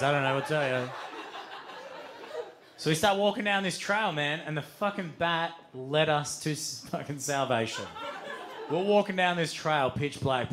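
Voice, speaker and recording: A man telling a live comedic story on stage, swearing freely and acting out other people with sudden shouted outbursts. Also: mid-range voice, noisy background. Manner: swears a lot, acts out voices with shouted outbursts. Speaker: stand-up storyteller. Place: live stage before an audience.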